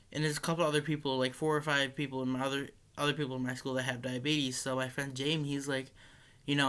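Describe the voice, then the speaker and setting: A man's voice: medium pitch, bright, forceful tone, smooth. A teenage boy telling a school story in a casual, rambling way, full of likes, restarts and the odd swear. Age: teens. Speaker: high school student.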